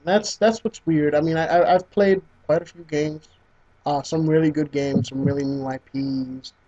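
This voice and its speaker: A man co-hosting a casual gaming podcast, telling stories with lots of swearing, restarts and excited outbursts. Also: a little high, normal speed, highs cut off. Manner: excitable storyteller, swears freely, many restarts. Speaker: podcast co-host. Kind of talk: casual chat.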